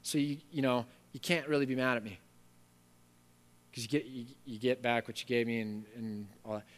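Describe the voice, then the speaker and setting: A man's voice: mid-range voice, steady tone, normal speed, pitched below the performer's own voice, natural voice. A man voicing a lazy male servant who makes defensive, rambling excuses. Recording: long hall reverb.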